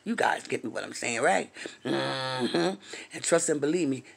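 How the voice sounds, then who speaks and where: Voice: mid-range voice, animated, measured pace, vocal fry, breathy edge. Brief: sassy gossip vlogger, drawling and playful, speaks straight to the viewers, sometimes whispers the juicy parts. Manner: sassy, drawling, addresses viewers as y'all, honey and baby; drops to a whisper for racy gossip. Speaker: vlogger reacting to a reality show.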